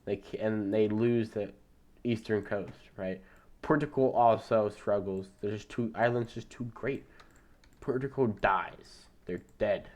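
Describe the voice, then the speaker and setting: A man with a slightly low voice talks through an imagined empire on a map. He rambles and jokes casually, punctuating events with "boom" and "right?". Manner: jokey, rambling, tags lines with "right?" and "boom". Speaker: mapping channel narrator. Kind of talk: casual alternate-history map narration.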